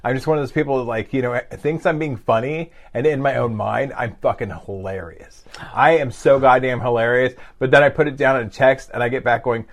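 A man's voice: mid-range voice, steady tone, fairly quick. A man co-hosting a podcast, chatting casually. He rambles and swears freely, and he leans on fillers as he talks. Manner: rambling, profane, lots of fillers. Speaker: podcast co-host. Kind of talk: casual chat.

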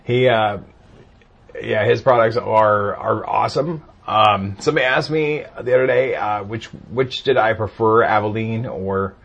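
Low raspy-ish guy cracking bawdy jokes on a podcast. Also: unhurried, highs cut off. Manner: cheeky, bawdy, deadpan asides. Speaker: podcast co-host. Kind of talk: casual banter.

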